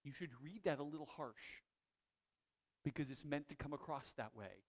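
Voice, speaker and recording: Preaching at normal speed with a fairly high pitch, a pastor recounts a story in animated fashion. He moves between loud and hushed moments and often restarts his sentences.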